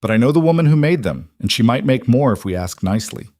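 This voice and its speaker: A man voicing a calm, assured mafia boss with a dry, amused manner in an audiobook. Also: mid-range voice, fast, no room sound, lightly acted. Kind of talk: audiobook character voice.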